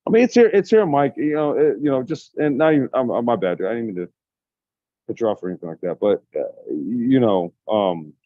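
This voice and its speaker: A man's voice: mid-range voice, expressive, fairly quick, dry recording, narrow, tinny audio. A man co-hosting a podcast, talking casually as he brainstorms, rambling with frequent restarts and swearing. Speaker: podcast co-host.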